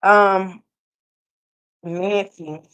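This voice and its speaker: A woman hosting a live stream of tarot readings, joking and preaching straight to her viewers in a casual, animated way. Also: mid-range voice, very slow, smooth, no room sound.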